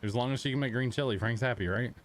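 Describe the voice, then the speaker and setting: A man hosting a casual gaming livestream, chatty and quick to laugh, greeting viewers by name as he plays. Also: medium pitch, slight background noise. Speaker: streamer host. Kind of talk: casual chat while gaming.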